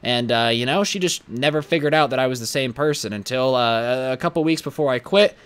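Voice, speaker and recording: A young man telling a storytime vlog in a blunt, animated, profane way. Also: mid-range voice, fairly quick, clear, resonant tone. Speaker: YouTuber.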